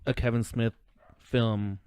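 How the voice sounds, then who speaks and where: A man co-hosting a podcast, speaking in a measured, plain way in casual chat. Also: mid-range voice, steady tone, darkish tone, smooth, no room sound, clean studio sound. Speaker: podcast co-host.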